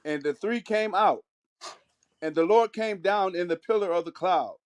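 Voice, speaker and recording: A man reading scripture aloud in a measured way, slowing on key phrases. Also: high-pitched, clean tone. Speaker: scripture reader.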